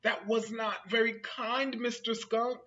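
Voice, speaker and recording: A man's voice: extremely high pitch, fairly even intonation, measured pace, pushed and bright, muffled recording, voice pushed up, heavily acted. A man voicing a big, clumsy, sweet-hearted young dragon in a picture-book reading, earnest and pleading. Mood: hurt.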